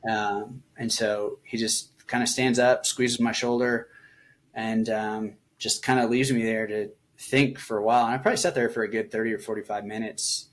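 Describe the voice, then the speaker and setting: A man's voice: on the low side, little pitch movement, moderate pace. A man in his forties, an army veteran, recounts his deployment as a podcast guest in a loose, conversational way with lots of fillers. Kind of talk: storytelling interview.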